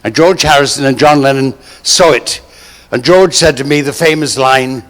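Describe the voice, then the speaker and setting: A man's voice: mid-range voice, moderate pace, fairly bright tone, big-room sound. Older man telling stage anecdotes. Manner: theatrical, acts out quoted voices. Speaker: storyteller on stage. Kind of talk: anecdote told to a live audience.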